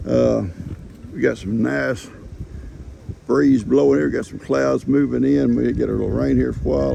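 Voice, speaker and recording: An older man, chatting as a farm vlogger outdoors on his farm, folksy and quick to chuckle. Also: medium pitch, warm tone, slight background noise. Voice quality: gravelly. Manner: folksy storyteller, chuckles often. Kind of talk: casual rambling chat.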